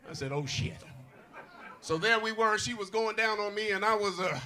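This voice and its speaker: A man's voice: high-pitched, moderate pace, bright, forceful tone. A man doing a crude storytelling stand-up set at a live show. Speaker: stand-up comedian. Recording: noisy crowd at a live show.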